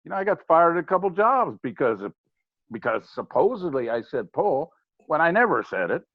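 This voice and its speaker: A man's voice: fairly high pitch, very animated, brisk, dry recording. An older man, a guest on a podcast, explaining baseball hitting in an emphatic, matter-of-fact way. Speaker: guest, former ballplayer and hitting coach. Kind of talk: casual podcast conversation. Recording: slightly dull, lo-fi sound.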